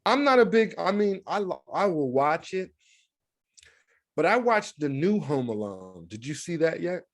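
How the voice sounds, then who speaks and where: A man's voice: on the high side, a little slow. An American man co-hosting a podcast, chatting casually and acting out movie scenes with lots of laughter. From United States. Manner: animated, laughs a lot, acts out movie scenes. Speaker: podcast co-host. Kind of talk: casual chat.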